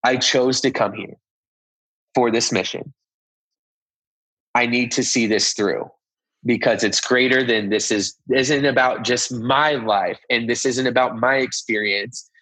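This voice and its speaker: A man's voice: mid-range voice, fairly even intonation, unhurried, pushed and bright, no echo, low-quality recording. A man with a mid-range voice tells a personal story in a casual, earnest way. He keeps acting out the conversations he had. The sound is dry and close. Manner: earnest, reenacts conversations with "I was like". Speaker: guest telling a personal story.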